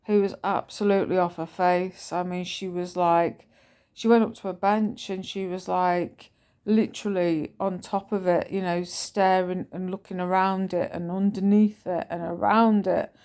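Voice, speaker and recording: Slow, mellow woman vlogging. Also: mid-range voice, little pitch movement. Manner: rambling, chatty storytelling. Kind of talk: casual storytelling vlog.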